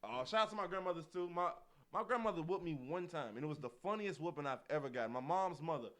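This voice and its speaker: Young guy, talks fast and lively, kinda high voice, acts out the quotes. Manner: animated storytelling with acted-out quotes and frequent laughter. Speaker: podcast co-host. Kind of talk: casual chat.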